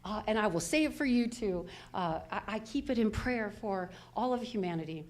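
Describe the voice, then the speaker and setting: A woman's voice: mid-range voice, lively intonation, moderate pace. An older woman minister giving a conversational, self-deprecating sermon, full of fillers and small laughs. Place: church sanctuary.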